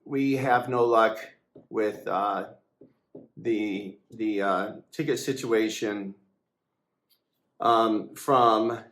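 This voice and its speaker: A man's voice: lowish voice, drawn-out words, long pauses, fairly bright tone, roomy sound. A man, founder and editor of a website, talking casually and hesitantly, with many fillers and restarts, in an aggrieved, complaining way. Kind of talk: casual monologue to camera.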